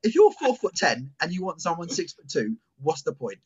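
A man's voice: on the high side, wildly swooping pitch, normal speed, breathy edge, lo-fi sound. A young man co-hosting a casual podcast from home, laid-back and teasing, often laughing. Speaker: podcast co-host. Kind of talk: casual chat. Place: home in East London.

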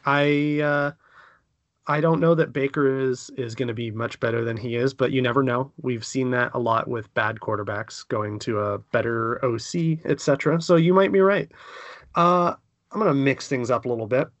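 A man of middle pitch hosts a podcast with a joking, teasing energy and quick bursts of animation. The recording is dry and close, with no room sound around him. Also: no room sound. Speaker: podcast host. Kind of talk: casual chat.

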